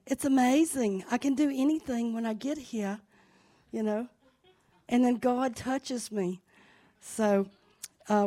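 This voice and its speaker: A woman's voice: mid-range voice, dark tone. A woman leading a church service, talking in a chatty, anecdotal way about her family's news and rising into fervent prayer in a sanctuary. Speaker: church leader. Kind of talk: conversational sermon with testimony.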